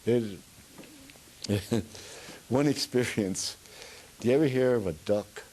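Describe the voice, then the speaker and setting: A man's voice: medium pitch, slow pace, darkish tone, slight background noise, rough recording. An older man in an oral history interview, a rambling storyteller who chuckles as he goes, with a Pennsylvania Dutch accent. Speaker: veteran being interviewed.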